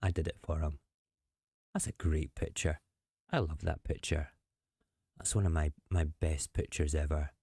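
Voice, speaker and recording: A man's voice: very deep voice, fairly even intonation, moderate pace, vocal fry, long pauses, mellow, breathy edge, no room sound, studio quality. A man hosting a show, chatting casually and sarcastically about politics. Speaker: host.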